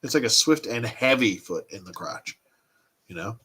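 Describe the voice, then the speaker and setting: Lively, bright-voiced man in his thirties. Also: mid-range voice, moderate pace, husky. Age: 30s. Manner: rambling, thinking aloud, answering chat. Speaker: toy collecting livestream host. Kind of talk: casual livestream chat.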